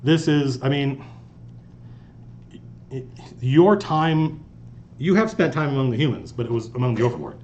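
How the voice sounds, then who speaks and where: Speaking into a lapel mic in an office conference room, this game master hosts a live stream at medium pitch and normal speed, pausing often. His casual, animated storytelling rambles and restarts a lot, and the lo-fi audio carries slight background noise.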